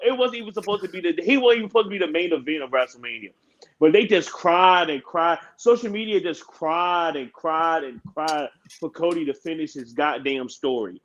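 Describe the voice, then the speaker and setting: Animated ranting man, dull lo-fi audio. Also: fairly quick. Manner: animated, profane, rants and rises in pitch when heated. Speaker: podcast co-host. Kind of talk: casual wrestling chat.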